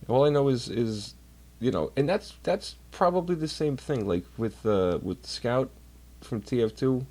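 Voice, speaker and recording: A man's voice: medium pitch, expressive, a little slow, hardly any pauses, warm tone. A man chatting casually on a livestream from home, rambling and swearing while doing chores. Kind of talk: casual rambling stream chat. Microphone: computer mic while streaming.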